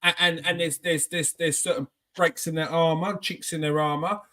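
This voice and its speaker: A man's voice: fairly high pitch, fairly even intonation, moderate pace, sharp tone. A man hosting a casual football chat, insistent and argumentative, often repeating his points. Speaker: football podcast host.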